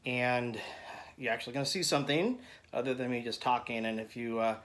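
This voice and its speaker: A man's voice: medium pitch, brisk, a bit bright, low-quality recording. A middle-aged man from the United States, hosting an art tutorial from his home studio, talking casually with many restarts. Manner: rambling, self-correcting, chuckling. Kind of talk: casual talk to camera.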